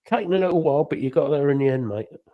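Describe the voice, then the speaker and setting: British bloke on a stream, mid voice, blunt banter, says mate a lot. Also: male voice, a little high, expressive, rapid-fire, lo-fi sound. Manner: blunt, banter-heavy, calls people mate. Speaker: live stream co-host. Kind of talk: casual chat.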